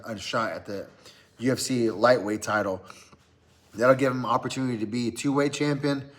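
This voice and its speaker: A man hosting a podcast, giving casual fight picks in a loose, conversational way with lots of fillers. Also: lowish voice. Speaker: podcast host. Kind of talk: casual fight-pick chat. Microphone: podcast mic.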